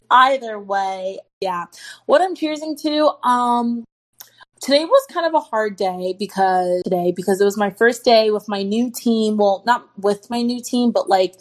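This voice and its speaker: A woman's voice: a little high, expressive, a little slow. A woman in her twenties, a podcast co-host, a little drunk on wine and chatting in a loose, blunt, swearing way. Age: 20s. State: tipsy from wine. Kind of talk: casual podcast chat.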